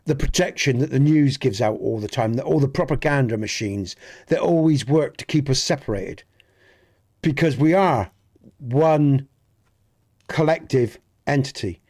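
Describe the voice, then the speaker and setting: Speaking in a mid-range, slightly mellow voice, a man with a Dorset accent streams a game and makes casual conversation with his live audience. He's earnest and rambling, frequently starting sentences over.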